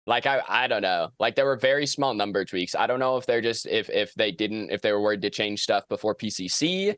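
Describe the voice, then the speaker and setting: Male co-host, casual game talk, animated delivery, dry sound. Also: lowish voice, fairly quick, dry recording. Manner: animated, ranting. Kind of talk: casual gaming podcast chat. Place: outdoors on a windy day.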